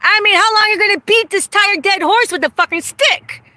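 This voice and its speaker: A woman's voice: extremely high pitch, fairly quick, pushed and bright, dry recording. A woman ranting angrily and profanely in a livestream, speaking into a phone while outdoors in the cold. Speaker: vlogger. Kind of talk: angry livestream rant.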